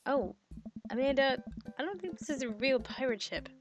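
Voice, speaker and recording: A woman's voice: high-pitched, expressive, moderate pace, pitched above the performer's own voice. Lady doing a shy little girl voice, hesitant and earnest, raised a bit, faint music.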